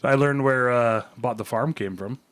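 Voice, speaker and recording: A man's voice: medium pitch, normal speed, fairly bright tone. A man co-hosting a casual podcast, meandering through made-up stories with lots of ums and uhs. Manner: meandering, tells made-up stories with many fillers. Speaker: podcast co-host. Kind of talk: casual rambling chat.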